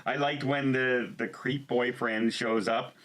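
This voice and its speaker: A man's voice: mid-range voice, fairly even intonation, measured pace, a bit bright. A man co-hosting a casual movie review chat, rambling with plenty of fillers and frequent laughs. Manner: rambling, laughs often, lots of "like". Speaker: podcast co-host.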